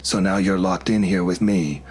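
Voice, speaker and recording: A man's voice: sits low, steady tone, normal speed, darkish tone, husky. A man voicing a menacing male demon in a horror story, cold and condescending.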